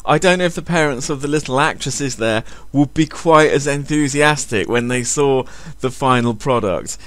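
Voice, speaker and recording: A man's voice: mid-range voice, moderate pace, no room sound. A man doing sarcastic comedic commentary on a video, swearing heavily. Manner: sarcastic, heavy swearing, animated.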